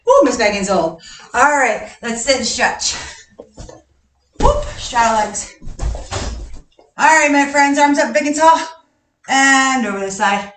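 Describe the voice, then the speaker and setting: A cheerful woman gymnastics coach counts out reps and guides stretches for a live class. Her voice sits fairly high and moves at an easy, unhurried pace. She is picked up from some distance away, with the hard walls of a big gym ringing around her. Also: very animated, a bit bright, slight background noise. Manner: cheerful, counts reps aloud, chuckles often. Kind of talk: live online workout class. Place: large gym. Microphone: camera a distance away. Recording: echoey gym, voice off-mic.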